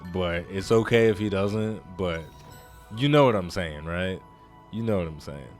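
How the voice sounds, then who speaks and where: A man with a naturally deep voice hosting a gaming channel, giving chatty, rambling commentary as he plays. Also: measured pace, faint music behind. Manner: chatty, rambling, self-correcting. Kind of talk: let's play commentary.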